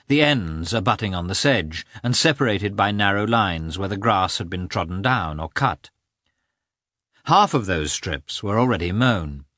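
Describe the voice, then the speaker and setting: A man narrates a classic novel in a low but bright voice. His reading rises and falls widely and lifts sharply for the characters' shouts. The sound is dry and close, with no room around it. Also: no room sound. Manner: reads with lively, expressive inflection, lifting pitch for characters' shouts. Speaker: audiobook narrator. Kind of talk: scripted narration.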